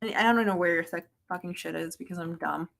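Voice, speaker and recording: A woman co-hosting a casual livestream, rambling and swearing, quick to mock herself. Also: fairly low pitch, creaky, fairly bright tone. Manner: rambling, swearing, self-mocking. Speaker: livestream co-host.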